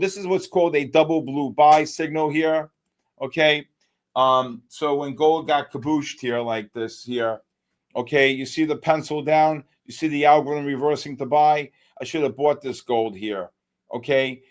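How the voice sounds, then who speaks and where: A man hosting a live futures trading stream, giving excited, exclamatory market commentary and calling out viewers by name. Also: a little high, moderate pace. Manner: animated, exclamatory, talks to chat by name. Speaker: livestream trading host.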